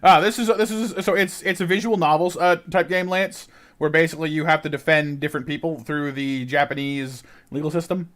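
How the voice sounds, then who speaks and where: A man's voice: a little high, fairly even intonation, brisk, a bit bright. Rambling male game streamer. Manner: rambling, repeats words, talks to chat. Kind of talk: casual game stream commentary.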